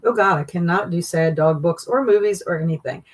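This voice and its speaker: A woman hosting a casual reading livestream, chatting with viewers and reading their comments aloud, jumping up high for excited greetings. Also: fairly quick. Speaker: livestream host.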